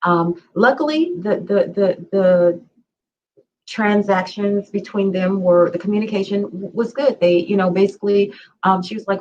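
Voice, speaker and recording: A woman's voice: medium pitch, moderate pace. A woman co-hosting a podcast, telling a story in casual conversation with earnest, emphatic repeats. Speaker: podcast co-host. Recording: slightly dull lo-fi sound.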